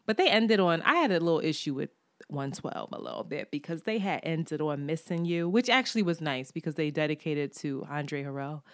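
Woman podcast co-host, animated storyteller who laughs a lot; lower-pitched voice, recorded dry and close. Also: no echo. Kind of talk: casual chat.

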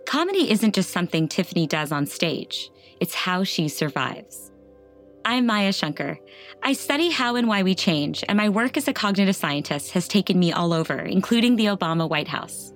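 A woman hosting a podcast, narrating in a measured, earnest way and interviewing her guest. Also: fairly low pitch. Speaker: podcast host and cognitive scientist.

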